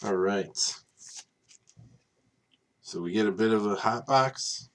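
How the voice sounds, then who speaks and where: A man with a fairly low voice runs a live card break, listing players and teams in a steady, plain run. He sounds worn out and casual, yawning now and then after a long day. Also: slow pace. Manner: tired, casual, apologizes for yawning; reads off names in a steady list.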